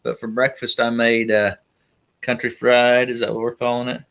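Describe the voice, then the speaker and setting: A man's voice: mid-range voice, flat delivery, normal speed, gravelly, fairly bright tone, lo-fi sound. Easygoing man. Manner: easygoing, explains plainly. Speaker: co-host of a homestead livestream. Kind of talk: casual live-stream chat.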